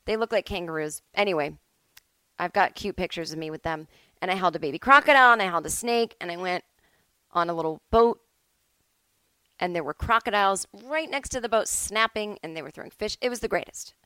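A woman's voice: lowish voice, expressive, brisk, bright, forceful tone, clear, resonant tone, no room sound, poor audio. A woman hosting her own podcast from home, talking in a loose, rambling way that often breaks off mid-thought. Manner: rambling, chatty, self-interrupting. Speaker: podcast host. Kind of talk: casual solo podcast monologue.

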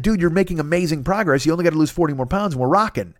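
Guy rambling on his podcast, swears a ton, knocks himself down, quick and kinda high, dry close sound. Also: expressive, no echo. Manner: profane, rambling, self-deprecating. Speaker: podcast host. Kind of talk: solo podcast monologue.

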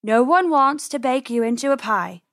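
A raging old farmer bellows slow, stretched threats, put on by a woman reading a storybook. The voice climbs high and strained with fury. It sits close and dry, with no room around it. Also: lively intonation, dry recording. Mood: menacing. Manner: yelling, slow and drawn-out. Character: angry old male farmer chasing rabbits.

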